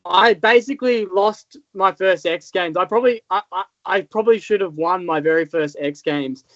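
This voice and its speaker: In a casual interview, an Australian man in his thirties, a motocross rider, rambles through his story with many fillers. He talks at normal speed in a high-pitched, slightly bright voice. The sound is dull and lo-fi, with no room sound.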